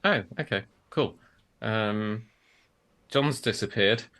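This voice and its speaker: A man hosting a casual podcast over a video call, chatty and quick to laugh, reading playful intros. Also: on the low side, sharp tone. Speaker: podcast host and tailor.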